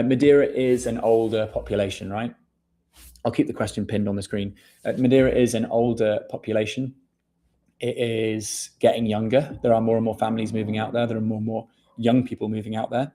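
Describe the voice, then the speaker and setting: A man's voice: on the low side, dark tone. A man hosting a casual livestream, chatting loosely and calling viewers mate. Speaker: livestream host. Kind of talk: casual livestream chat reading viewer questions.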